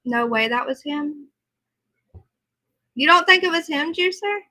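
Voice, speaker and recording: A woman hosts a casual livestream, talking easily and answering her viewers as she goes. She sounds tired, but her voice stays bright and a little high. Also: expressive, unhurried, low-quality recording. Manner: chatty, reads and answers viewer comments. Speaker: livestream host.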